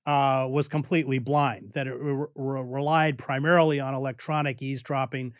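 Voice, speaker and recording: Man hosting an interview, measured. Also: medium pitch, little pitch movement, no room sound, clean studio sound. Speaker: host. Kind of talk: interview questions.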